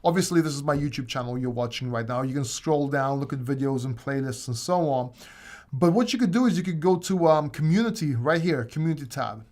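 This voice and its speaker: A man's voice: mid-range voice, animated, brisk, darkish tone. A man hosting a casual crypto livestream Q&A, joking and laughing often as he rambles through viewer questions. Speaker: crypto channel host.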